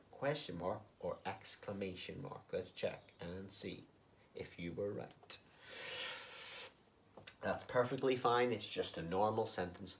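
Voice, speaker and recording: A man teaching a recorded online lesson to young children, patient and sing-song, with questions that rise at the end. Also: on the low side. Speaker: primary school teacher.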